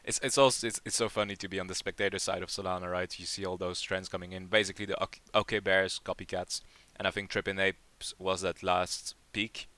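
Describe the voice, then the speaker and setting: A man's voice: low voice, level tone, fairly quick, hardly any pauses, sharp tone, no room sound. A man hosting a live community Q&A, chatting casually and rambling with lots of fillers and restarts. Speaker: project lead hosting a community AMA.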